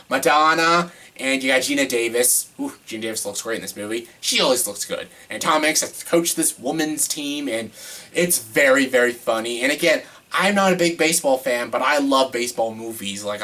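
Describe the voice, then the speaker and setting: A man's voice: medium pitch, fairly bright tone. A man giving casual, enthusiastic commentary on a movie countdown, chatty and sometimes swearing. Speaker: movie reviewer.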